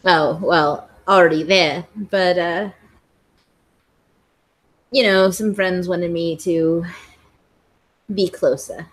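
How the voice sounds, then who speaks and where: A woman's voice: lowish voice, steady tone, slow, pauses often, rough recording. A woman playing a wry camper-dwelling woman. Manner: casual, easygoing, wry. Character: woman living simply in a camper, wry and loyal. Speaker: tabletop game player. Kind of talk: in-character tabletop role-play.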